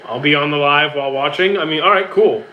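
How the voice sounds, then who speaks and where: A man's voice: a little high, fast talker, lo-fi sound, slight background noise. A young man from Canada, a streamer casually answering chat questions in an easygoing, rambling way with many restarts.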